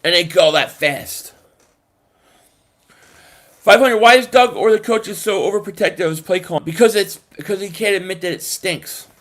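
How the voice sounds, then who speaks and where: A man hosting a casual live stream, answering chat comments in an animated, emphatic way with frequent restarts. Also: high voice, moderate pace.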